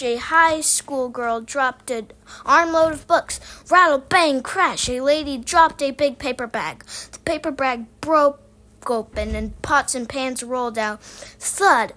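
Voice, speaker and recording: A woman reading a children's book aloud, lively and voicing the sound effects. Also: sits high, measured pace, low-quality recording. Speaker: reader.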